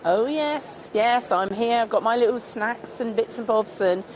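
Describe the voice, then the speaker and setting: A woman's voice: on the high side, measured pace, a little mellow. A woman from Devon, England, talking earnestly in a casual street interview, speaking into a handheld mic outdoors. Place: busy city street outdoors. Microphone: handheld microphone held out to her. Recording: noisy street behind.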